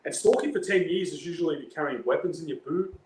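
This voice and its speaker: A man's voice: a little high, fast, darkish tone. An Australian man telling a long story in casual chat, rambling and full of slangy filler tags. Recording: roomy with faint background noise.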